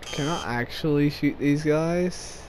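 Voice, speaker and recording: A young woman commenting on her gameplay, swearing and bursting into loud excited outbursts. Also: low-pitched, takes it slowly, a little hiss or hum. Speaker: gaming video creator. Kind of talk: let's play commentary.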